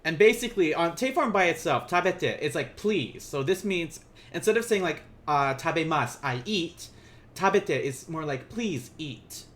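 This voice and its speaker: A man teaching a casual live-streamed Japanese lesson, joking with viewers and slowing down to pronounce each word. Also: fairly high pitch, expressive, a bit bright. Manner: playful, laughs and teases chat viewers; slows down to pronounce Japanese words.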